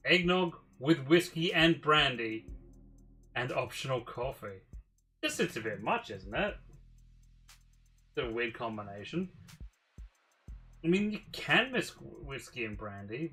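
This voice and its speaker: A man's voice: medium pitch, very animated, slow, long pauses, pushed and bright, faint music behind. A man streaming a game, musing aloud in a casual, mildly profane way. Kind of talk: casual livestream commentary.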